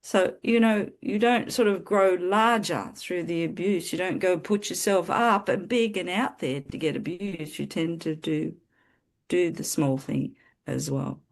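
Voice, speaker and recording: A woman guest on a podcast, earnestly telling her personal story in a halting way with many restarts. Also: on the low side, vocal fry. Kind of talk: personal testimony in conversation.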